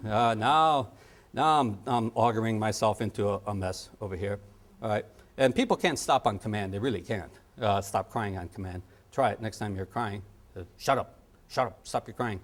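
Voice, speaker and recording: A man's voice: fairly low pitch, moderate pace. A middle-aged man teaching a parenting training session, joking and acting out little scenes as he goes. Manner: animated, jokey, acts out little scenes and sound effects. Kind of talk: lively training lecture.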